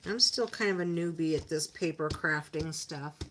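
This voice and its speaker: A woman's voice: sits low, moderate pace, slight background noise. A woman hosting a casual livestream, chatting with viewers as she narrates her crafting at home. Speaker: livestream host.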